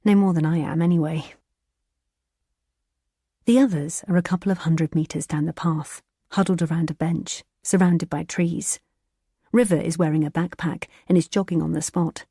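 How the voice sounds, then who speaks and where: Woman reading a suspense audiobook, dark husky voice, dry close sound. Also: low voice, fairly even intonation, normal speed, no room sound. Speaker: audiobook narrator. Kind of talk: scripted thriller narration.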